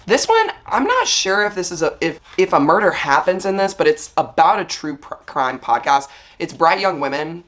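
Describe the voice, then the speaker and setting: A woman book vlogger with a slightly husky morning voice, chatting casually and upbeat about her reading plans. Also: on the low side, very animated, moderate pace, few pauses, a bit bright. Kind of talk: casual chat.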